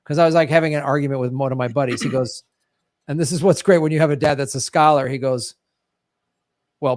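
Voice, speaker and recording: A man's voice: a little high, expressive, fairly quick, no room sound, studio quality. A man from Chicago with a Chicago accent, co-hosting a podcast and telling stories in casual chat, laughing often. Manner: chatty storyteller, laughs often. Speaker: podcast co-host.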